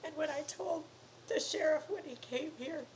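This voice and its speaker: A woman making an emotional personal appeal to viewers, earnest and pleading, close to tears, sometimes dropping to soft whispery words. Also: high voice, normal speed, a little hiss or hum, poor audio. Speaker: YouTuber asking for donations.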